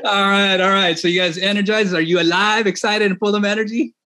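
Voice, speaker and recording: A man hosting a podcast on real estate and coaching, talking in an energetic, chatty way and laughing often. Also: high voice, fairly quick. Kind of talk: casual chat.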